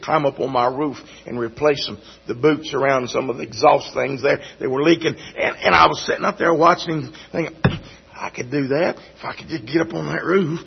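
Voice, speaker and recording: Gravelly-voiced man preaching a testimony. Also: medium pitch. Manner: halting, repeats words, folksy storytelling. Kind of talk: sermon testimony. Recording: dull lo-fi recording.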